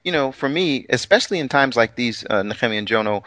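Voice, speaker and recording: A middle-aged man co-hosting a casual talk about scripture, animated and teasing, often laughing. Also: mid-range voice, fast, no echo. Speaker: co-host of a scripture talk show.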